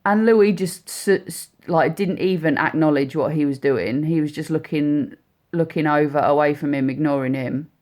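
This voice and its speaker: A woman speaking as a mother, telling a personal story in a heartfelt, halting way with many repeats and restarts. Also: low-pitched, darkish tone. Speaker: mother speaking about her son.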